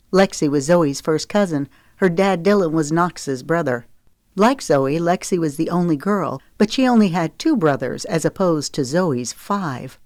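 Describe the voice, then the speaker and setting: A woman narrating an audiobook in a steady, measured read. Her voice sits on the lower side, and the recording is dry and close with no room echo. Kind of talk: scripted narration.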